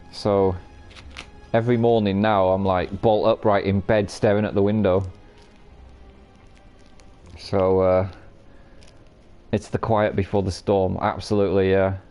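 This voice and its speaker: A man's voice: fairly low pitch, darkish tone. A man streaming a card game live, commenting on his plays and bantering with viewers while cursing freely. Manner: banter-filled, swears freely, teases chat.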